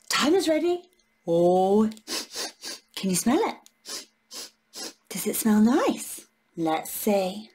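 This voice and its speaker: A woman's voice: on the low side, lively intonation, very slow, pauses often, darkish tone. A woman reading a picture book aloud to young children, playful and full of gasps and sing-song counting. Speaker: children's storyteller.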